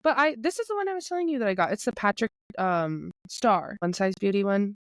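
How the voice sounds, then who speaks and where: A young woman in her twenties chats quickly about makeup and her day, her pitch jumping around animatedly as she rambles on with plenty of "like". The sound is close and dry, with no room around her. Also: no room sound. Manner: animated storyteller, rambling with lots of "like". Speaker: makeup creator guest. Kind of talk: casual chat.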